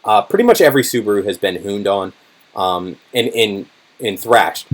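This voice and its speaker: A man hosting a casual livestream, with a hoarse, worn-out voice, talking loosely with lots of fillers as he answers chat. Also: lowish voice, normal speed. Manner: chatty, many fillers, car-enthusiast talk. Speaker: channel host answering live chat.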